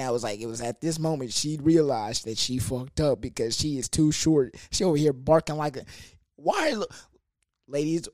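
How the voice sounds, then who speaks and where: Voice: mid-range voice, darkish tone, no echo, clean studio sound. A young adult telling a comedic storytime about a party, in a loose, slangy, profane manner with lots of fillers. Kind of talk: casual storytime monologue.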